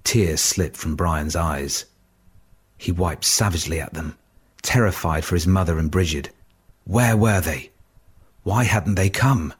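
A man reading a story aloud as audiobook narration, measured and steady. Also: sits low, breathy edge.

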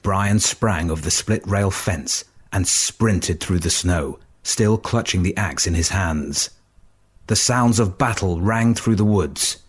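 A man narrates a dark adventure story in a low, husky voice. He reads slowly and steadily, letting each line settle. It is a measured audiobook delivery.

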